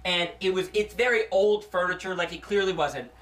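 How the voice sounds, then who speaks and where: A man from Rhode Island hosting a podcast, telling a family story in a casual, animated way with many restarts. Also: high voice, brisk, recorded from a distance. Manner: animated, restarts a lot, often says "boys and girls". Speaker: podcast host. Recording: echoey room, away from mic.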